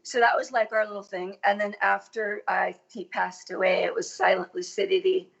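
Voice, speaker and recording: A middle-aged woman from Massachusetts chats as a podcast guest. She is lively and talkative, and drops a casual swear now and then. Her pitch is average for a woman. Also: moderate pace, creaky, husky, muffled recording. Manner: chatty, animated, swears casually. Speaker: guest, actress. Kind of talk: casual chat. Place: Los Angeles.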